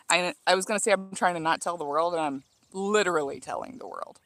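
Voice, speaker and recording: This Illinois woman in her thirties talks fast in a lowish, fairly bright voice, recorded without room sound. Trimming herbs in her outdoor home garden, she chats loosely with livestream viewers, reads out their comments, and keeps stopping and restarting with lots of fillers.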